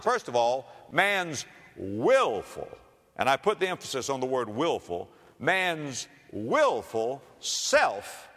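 With heavy emphasis on key words, the pastor preaches dramatically, pitch rising and falling over a wide span. A long hall reverb rings around his voice, which has a slightly bright tone.

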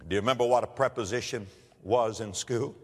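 A man preaching a sermon, telling stories and rising to loud emphatic declarations. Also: medium pitch, a little fast, husky, in a large hall. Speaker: pastor.

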